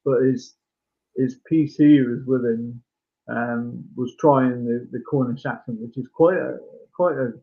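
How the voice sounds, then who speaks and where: A man co-hosting a podcast, chatting casually about an old film, full of halting restarts and fillers. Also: medium pitch, fairly even intonation, vocal fry. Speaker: podcast co-host. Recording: tinny phone-like line.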